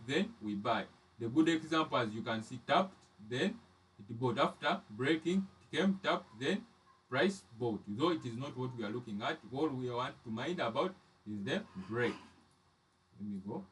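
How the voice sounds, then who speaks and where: A man's voice: medium pitch, expressive, normal speed, a bit bright, recorded from a distance. A man teaching trading charts step by step, often repeating and restarting his phrases. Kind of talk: live chart lesson.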